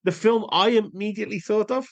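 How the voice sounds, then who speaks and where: A man co-hosting a casual film podcast, excitable and jokey, drifting off on tangents. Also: high-pitched, a little fast, gravelly, lo-fi sound. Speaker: podcast co-host.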